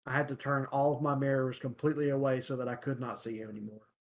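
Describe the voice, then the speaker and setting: Halting young man telling stories. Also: mid-range voice, flat delivery. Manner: halting, searching for words with many fillers. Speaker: podcast host. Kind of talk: casual chat.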